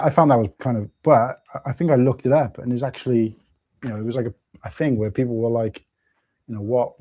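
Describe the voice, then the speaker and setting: A man's voice: medium pitch, dull audio. A man co-hosting a casual livestream, telling stories in a rambling, chatty way with restarts and swearing. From Wales. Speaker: stream co-host. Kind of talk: casual chat while building.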